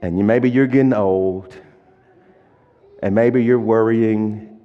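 A middle-aged man, a pastor preaching a sermon and swinging between quiet, low passages and loud, emphatic lists. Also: takes it slowly, highs cut off. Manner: preaching with rising and falling intensity, stressing word lists. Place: church sanctuary. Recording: long church hall reverb.

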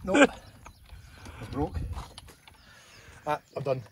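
A man grumbles and swears his way through a job outdoors in the heat. His voice sits high and jumps around a lot. Tool clatter and vehicle noise run clearly under him. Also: very animated, very slow. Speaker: friend helping in a garage. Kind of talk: casual banter while working. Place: outdoors in hot weather by a truck.

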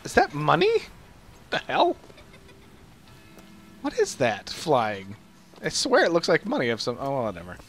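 A man's voice: medium pitch, wildly swooping pitch, measured pace, long pauses, fairly bright tone, a little hiss or hum. A young man joking and laughing as he comments on a video game. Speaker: gamer. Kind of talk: let's play commentary.

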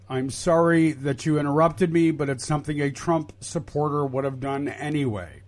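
A man co-hosting a casual political talk show, speaking deliberately with a wry, mock-exasperated edge and frequent hesitations. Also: on the high side. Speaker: political podcast co-host.

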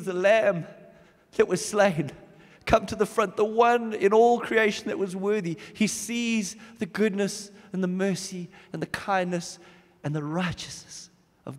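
A man preaching a sermon, swinging from loud emphatic bursts to hushed low drops. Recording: long reverb of a big hall.

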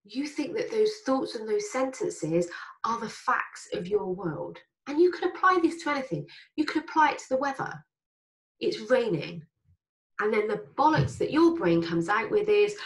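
A woman's voice: on the high side, expressive, measured pace. Frank, emphatic woman life coach. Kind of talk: motivational monologue.

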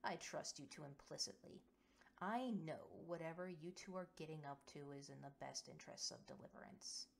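A woman doing a rumbling fatherly general. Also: moderate pace, creaky. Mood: warm commanding. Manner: rumbling, steady and reassuring. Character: kindly male general, fatherly and commanding.

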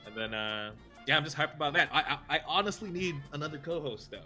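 A man co-hosting a casual podcast, excitable and animated. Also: a little high, fast, soft background music. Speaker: podcast co-host. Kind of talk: casual chat.

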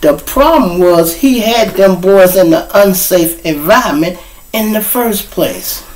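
A man runs his own live show, telling stories straight to his audience. His voice sits a little high for a man, and he swings from low mutters to sudden loud outbursts. He cusses freely all the way through. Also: animated, measured pace, slight background noise, poor audio. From Chicago. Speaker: show host and storyteller. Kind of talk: casual monologue to a live audience. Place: home room.

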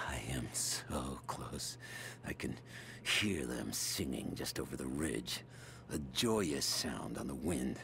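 An actor voicing a weary, obsessed soldier reading his journal in a grave, hushed voice in a video game. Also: a bass voice, creaky, a little hiss or hum, exaggerated voice.

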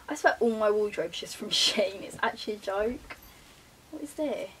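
A young woman chats away as a vlogger, teasing herself and muttering little asides. Her voice sits fairly high. She is a little back from the mic, with a faint hiss under her. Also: measured pace, a bit bright, far from the mic. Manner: chatty, self-mocking, muttering asides to herself. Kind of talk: casual chat. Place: bedroom beside her wardrobe.

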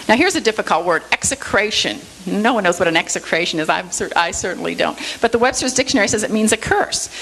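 A woman's voice: medium pitch, a bit bright, slight background noise, low-quality recording. Woman teaching, punctuating points with "okay?". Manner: explanatory, checks in with frequent "okay?"; self-deprecating, light humor. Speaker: Bible study speaker. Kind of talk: church Bible study lecture.

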